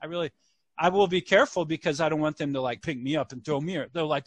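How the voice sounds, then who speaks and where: Talking fast in a fairly high voice, this podcast co-host spins a long, animated story on a casual show, acting out each character with a different voice. The audio has no room sound.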